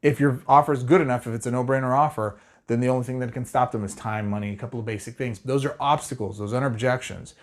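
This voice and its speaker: A middle-aged man giving sales tips straight to the camera, energetic and conversational. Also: mid-range voice. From Arizona. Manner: energetic, conversational, fast-talking. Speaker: sales trainer.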